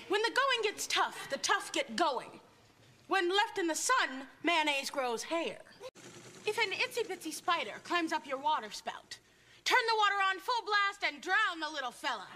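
A young woman performing a deadpan comic advice segment for a sketch show, breaking into sudden loud shouts. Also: very high-pitched, normal speed. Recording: studio audience laughter, noisy. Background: studio audience laughing.

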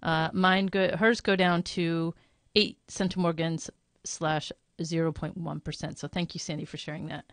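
A woman's voice: low-pitched, flat delivery, moderate pace, no room sound. A woman moderating a live webinar question session, reading out viewer questions in a chatty, informal way and thinking aloud.

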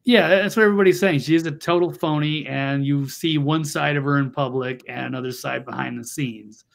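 A man's voice: medium pitch, flat delivery, moderate pace, gravelly. A man hosting an opinionated political chat show who talks in a blunt, mocking way. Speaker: show host.

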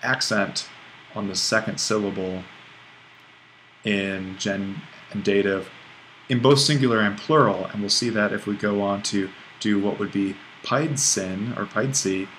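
A man's voice: fairly low pitch, steady tone, unhurried, a bit bright, a little hiss or hum, low-quality recording. A man teaching a recorded online language lesson, explaining at an easy pace with restarts and small self-corrections. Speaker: Greek language instructor.

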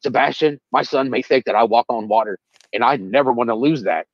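A man's voice: mid-range voice, brisk, no echo, muffled recording. A man answering interview questions as a father, speaking earnestly and defensively, with emphatic statements.

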